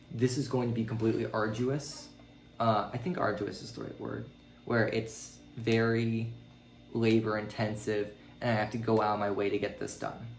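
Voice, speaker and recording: A man talking casually in a video diary about learning a language. He rambles with many ums and jumps his pitch up when he quotes his own reactions. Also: roomy sound, a little hiss or hum.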